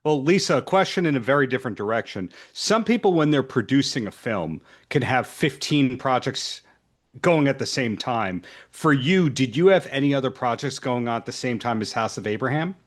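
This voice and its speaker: Over a remote video call, a male podcast host with a mid-range, animated voice asks his guests friendly, conversational interview questions at a normal speed.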